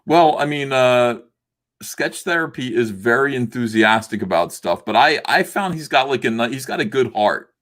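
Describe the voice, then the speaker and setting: A man's voice: medium pitch, expressive, moderate pace, a bit bright. A middle-aged man hosting a casual livestream chat, hesitant with many fillers and laughing often. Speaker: livestream host.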